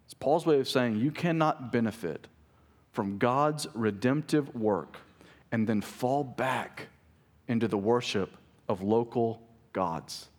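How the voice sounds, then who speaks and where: A middle-aged male pastor preaching a sermon, emphatic, swinging from raised, urgent lines to hushed, slow ones. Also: lowish voice.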